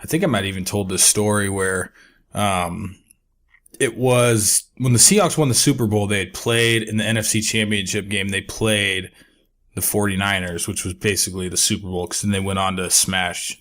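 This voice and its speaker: A young man with a fairly low voice tells a story on a casual podcast. He swears freely and tells it in an animated way. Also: normal speed. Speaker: podcast co-host.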